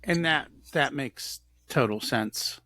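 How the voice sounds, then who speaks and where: Man, podcast host, casual chat, bright tone, dry close sound. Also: mid-range voice, slow, dry recording. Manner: conversational, repeats words as he thinks.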